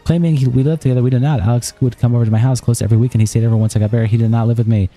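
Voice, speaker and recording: A man on a live stream, reading a written statement aloud in a rapid, flat way, stumbling and restarting now and then. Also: medium pitch, faint music behind.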